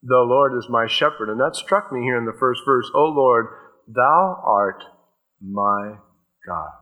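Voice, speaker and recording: A man preaching a sermon. He reads scripture slowly and with rising emphasis, rushes through quick asides, and drops to a hush on personal points. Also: mid-range voice, rough recording. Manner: swings from slow, loud emphatic reading of scripture to quick asides.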